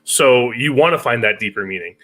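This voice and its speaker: A man's voice: medium pitch, expressive, brisk, pushed and bright. A man co-hosting a podcast, talking about films in a casual, thoughtful way. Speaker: podcast co-host. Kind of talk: casual film discussion.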